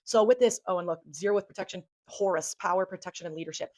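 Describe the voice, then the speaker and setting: Fast-talking woman astrologer, dry sound. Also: fairly low pitch, no room sound. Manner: rambling, excitable, swears freely. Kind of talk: casual chart-reading monologue.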